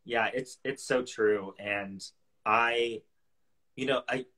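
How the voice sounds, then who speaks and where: A young man, an actor guest, chatting casually on a video call interview, soft-spoken and hesitant, often restarting his sentences. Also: mid-range voice, steady tone, takes it slowly.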